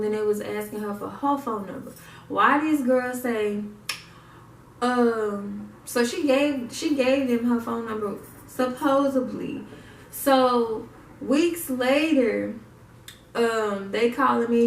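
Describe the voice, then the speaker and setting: Gravelly young woman telling a story. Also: fairly high pitch, far from the mic, slight background noise. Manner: animated retelling, acts out quotes. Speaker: vlogger. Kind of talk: casual storytime. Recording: echoey room, mic set back.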